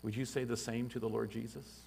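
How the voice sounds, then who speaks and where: Male pastor, sermon delivery, rough gravelly tone, rhetorical questions, reverberant sanctuary. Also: mid-range voice, little pitch movement, brisk, a little mellow, slight background noise. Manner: preaching with rising emphasis and rhetorical questions.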